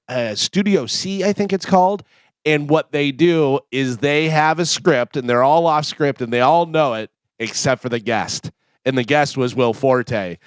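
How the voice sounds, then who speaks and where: A man's voice: mid-range voice, smooth, no room sound. A man co-hosting a morning radio show in the studio, chatting in an easygoing way. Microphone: studio mic.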